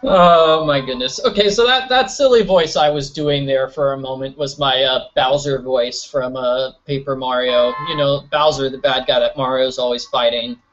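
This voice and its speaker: A man's voice: mid-range voice, normal speed, few pauses, a bit bright, faint music behind. Male let's play host, casual and self-mocking, stammery; dull lo-fi audio. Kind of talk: casual gameplay commentary. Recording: dull lo-fi recording.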